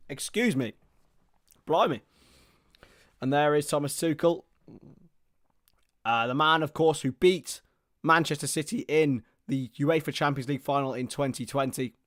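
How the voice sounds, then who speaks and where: A young man giving excitable live football play-by-play on a stream, his voice starting to go hoarse, greeting viewers between plays. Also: fairly high pitch, unhurried, long pauses, no room sound, studio quality. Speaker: football watchalong host.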